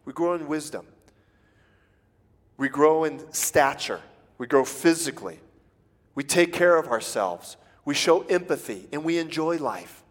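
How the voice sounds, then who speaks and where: Guy preaching a sermon, kinda high voice, long echo from the hall. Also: expressive, unhurried, pauses often. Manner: folksy, acts out little everyday dialogues. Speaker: guest preacher.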